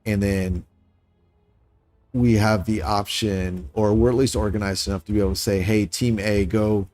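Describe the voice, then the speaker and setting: Streaming a building game, this man thinks out loud and picks apart his own creations, occasionally addressing viewers in chat. His voice sits fairly low, with fairly even intonation, a moderate pace and a slightly mellow quality, over soft background music, in a relaxed commentary style.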